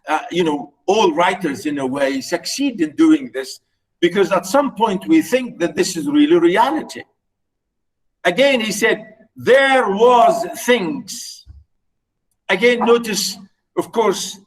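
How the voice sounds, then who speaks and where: A man whose first language is Arabic lecturing on literature, explaining slowly with repeated words and many fillers. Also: sits high, lively intonation, distant mic, low-quality recording. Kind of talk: recorded lecture.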